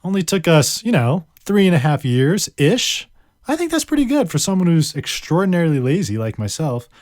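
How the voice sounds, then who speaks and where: A man's voice: on the high side, wildly swooping pitch, moderate pace, a little mellow, no room sound, studio quality. A man hosting a solo vocabulary podcast, playful and chatty, drawing out words and joking at his own expense. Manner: playful, chatty, self-deprecating, draws out words. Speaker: podcast host. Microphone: studio microphone.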